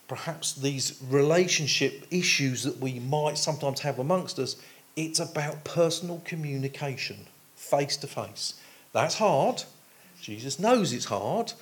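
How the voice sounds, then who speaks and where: A man preaching a sermon in a conversational way, explaining his points with homely everyday examples. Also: fairly high pitch. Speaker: pastor.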